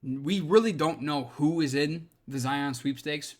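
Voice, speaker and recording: A young man from Minnesota ranting about basketball trades in a loose, profane, excitable way. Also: on the high side, unhurried. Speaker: sports commentator. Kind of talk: casual opinion rant.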